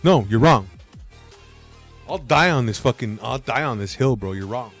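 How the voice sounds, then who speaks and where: A brash male streamer in loose live-stream chat, arguing hard, swearing, and tossing in bro and dude. His voice sits at an ordinary middle pitch. Faint music runs under him. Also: lively intonation, moderate pace.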